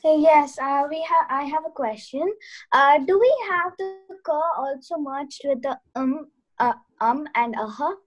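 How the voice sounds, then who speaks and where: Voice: high voice, measured pace. A student on an online class hesitantly and politely asking the teacher a question.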